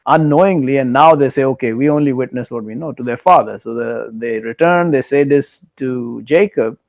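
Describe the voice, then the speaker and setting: Guy with a gravelly voice reading verses then chatting about them, laughs a lot, dry mic. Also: medium pitch, darkish tone, no room sound. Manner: reads literal verse, then paraphrases casually with frequent chuckles. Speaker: scripture commentator. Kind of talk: reading and explaining scripture.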